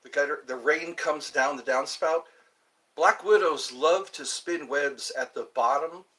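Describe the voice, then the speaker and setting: Bright-voiced rambling man vlogger. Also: fairly high pitch, a little slow. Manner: meandering, chatty, puts on playful voices. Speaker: channel host. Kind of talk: rambling casual vlog chat.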